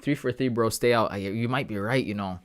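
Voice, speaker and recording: A young man hosting a live trading stream, thinking out loud and talking casually to his viewers. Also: lowish voice, a little fast, smooth. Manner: thinking aloud, talks to chat with "guys" and "bro". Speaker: trading livestream host.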